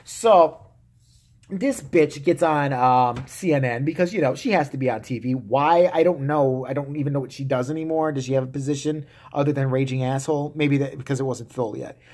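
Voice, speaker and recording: A man's voice: medium pitch, fairly quick, a little mellow. A man delivering a vulgar, heated, mocking solo rant to camera. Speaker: vlogger.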